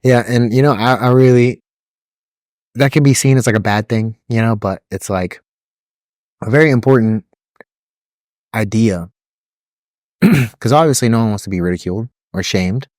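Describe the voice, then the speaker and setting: A young man, a podcast co-host, chatting casually, rambling through stories with frequent laughs and swearing, and mimicking yelling drill instructors. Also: fairly low pitch, moderate pace, long pauses, dry recording, studio quality. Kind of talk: casual chat.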